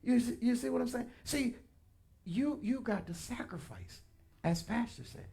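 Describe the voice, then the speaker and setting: A man pastor preaching a sermon in a church, animated and colloquial, addressing the congregation directly with punchy asides. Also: very high-pitched, a little slow, gravelly. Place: church sanctuary.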